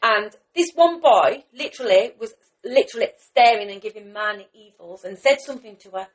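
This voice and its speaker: A middle-aged woman with a high, animated voice co-hosts a podcast in casual chat, speaking briskly. She tells stories with energy and acts out the quotes.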